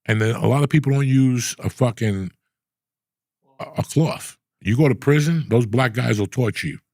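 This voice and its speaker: Casting: middle-aged male podcast host, gravelly and husky, swearing storyteller, dry close sound. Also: mid-range voice, normal speed, a little mellow, no room sound. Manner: profane, rambling storyteller. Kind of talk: casual storytelling chat.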